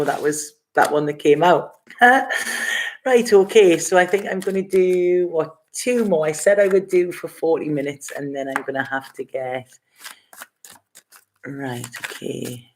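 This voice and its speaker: A woman's voice: low-pitched, a little mellow, a little hiss or hum. A woman giving a casual live-stream tarot reading, chatty and rambling, laughing often between thoughts. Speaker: tarot reader.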